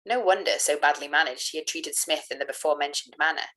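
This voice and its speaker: A woman reading an old gothic novel aloud, careful and steady, with small slips she corrects as she goes. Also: low voice, fast talker. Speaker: reader of a novel.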